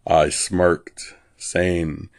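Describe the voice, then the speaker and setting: A man narrating a dark first-person story in a wry, deadpan way. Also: low-pitched, extremely slow, vocal fry, no room sound, clean studio sound.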